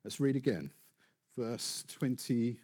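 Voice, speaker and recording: A man preaching a sermon with animated, building emphasis and rhetorical questions. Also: mid-range voice, slow, slightly rough.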